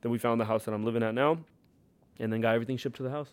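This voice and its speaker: Podcast guest, twenties, Californian lilt, animated storyteller, dry studio mic. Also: male voice, medium pitch, rapid-fire, smooth, no echo. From Thailand and California. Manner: animated, laughs often, many "like" fillers. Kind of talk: casual storytelling.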